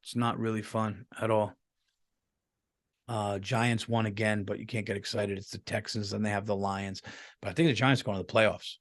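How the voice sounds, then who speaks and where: Speaking in a lowish, steady voice at a moderate pace, a man with a slightly bright tone delivers a casual, profane comedy monologue on his podcast. He rambles and restarts often, recorded on camera with a podcast microphone.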